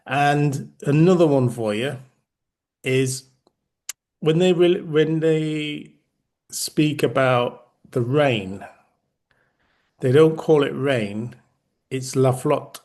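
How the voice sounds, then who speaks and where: Man, from Yorkshire, middle-aged, casual podcast chat, average pitch, rambling, restarts sentences. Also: drawn-out words, pauses often, darkish tone. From Yorkshire, England. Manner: rambling, with frequent restarts and repeated words. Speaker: podcast co-host.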